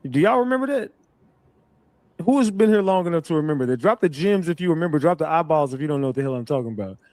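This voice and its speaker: A male commentary host with a slightly higher voice talks close and dry, without much room sound. He keeps teasing his audience and swearing loosely, looping back over his own questions as he reacts. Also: expressive, rapid-fire, a little mellow, no room sound. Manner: teasing, profane, repeats himself.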